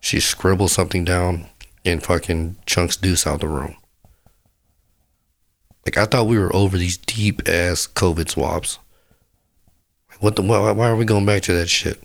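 A man's voice: low-pitched, measured pace, creaky, pauses often. A sick man with a sore throat, rambling crudely and profanely as a podcast host. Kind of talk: rambling casual monologue.

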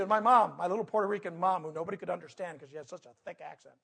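A man preaching a sermon, telling a personal story with big swings between loud outbursts and hushed moments. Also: high-pitched, steady tone, fast talker, gravelly, hardly any pauses, breathy edge. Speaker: pastor.

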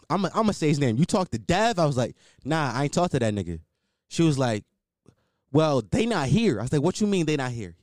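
A man's voice: a little high, darkish tone, dry recording, studio quality. A man, podcast host telling a story in a casual, heated way, swearing and repeating himself for emphasis.

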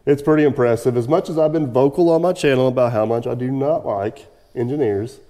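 A man's voice: mid-range voice, brisk, warm tone. Sarcastic man hosting in a reverberant room. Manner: sarcastic, laughing, rambling. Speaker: podcast host. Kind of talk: casual chat.

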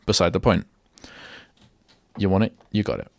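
A man's voice: deep voice, steady tone, normal speed, gravelly, dry recording. A young man hosting a solo radio show, rambling and chatting casually, often breaking off mid-sentence. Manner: rambling, self-interrupting, chatty. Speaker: radio host. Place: radio studio.

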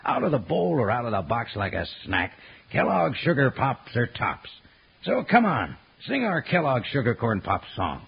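Gravelly, husky old radio announcer. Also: male voice, medium pitch, wildly swooping pitch, normal speed. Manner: chummy, upbeat, homespun. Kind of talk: folksy cowboy-style cereal ad read. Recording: muffled old radio broadcast.

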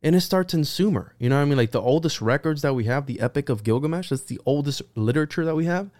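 A man's voice: on the high side, quick pace, no room sound, clean studio sound. Profane, rambling man on a podcast. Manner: profane, rambling, animated storytelling. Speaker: podcast guest. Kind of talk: casual podcast chat.

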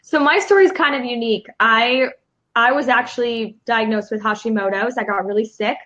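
A woman's voice: a little high, brisk, a bit bright. Upbeat woman guest, dull lo-fi sound. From Chicago. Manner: upbeat, storytelling. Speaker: guest, confidence mentor. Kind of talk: casual interview chat.

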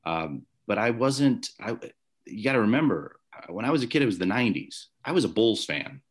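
A man's voice: fairly low pitch, sing-song, fairly quick. A man from the Chicago area, a former umpire, telling stories in an interview from his home office, with rambling restarts and fillers. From Chicago area, USA. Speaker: guest, former baseball umpire. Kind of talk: conversational storytelling interview.

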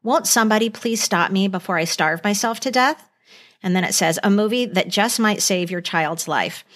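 A woman's voice: medium pitch, moderate pace, fairly bright tone. A middle-aged woman co-hosting a podcast, earnestly recounting an old TV movie in casual chat with many fillers. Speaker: podcast co-host.

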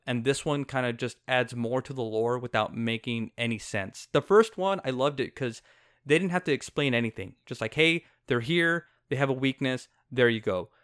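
Animated man rambling in a movie chat. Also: medium pitch, smooth, dry recording, studio quality. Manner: animated, rambling, laughs often. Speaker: podcast host. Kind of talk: casual movie review chat.

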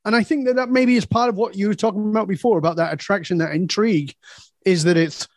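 A man's voice: high voice, quick pace, dry recording, studio quality. A man guest on a podcast, telling personal stories in a blunt, emphatic way and swearing freely. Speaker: podcast guest, leadership speaker. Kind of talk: candid personal storytelling.

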